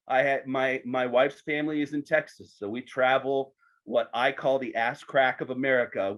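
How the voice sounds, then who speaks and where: A man hosting a podcast, asking questions in a chatty, joking way with some false starts. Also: mid-range voice. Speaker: podcast host. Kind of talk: casual interview chat.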